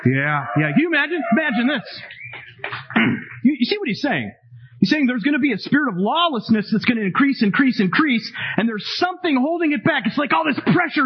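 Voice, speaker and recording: A man in his fifties preaching a sermon to a congregation, emphatic and animated, with dramatic asides. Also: very high voice, a little fast, husky, lo-fi sound. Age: 50s. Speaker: pastor.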